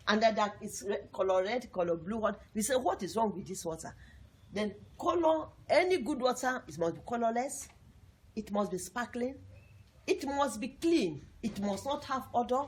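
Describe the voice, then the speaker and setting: A woman's voice: a little high, expressive, normal speed. A woman teaching a lesson to young pupils, repeating points emphatically and asking the class questions.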